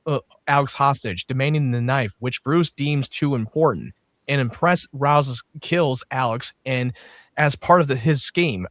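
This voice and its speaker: A man's voice: mid-range voice, a bit bright, no echo. A man co-hosting a casual podcast chat, stumbling through an episode recap and swearing in banter. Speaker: podcast co-host.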